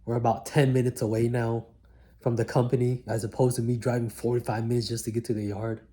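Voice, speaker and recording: Warm in tone and mid-range in pitch, this vlogger speaks fairly quickly with little pitch movement. He recounts his life reflectively in one take on a single mic, using casual slang packed with "like" and "man."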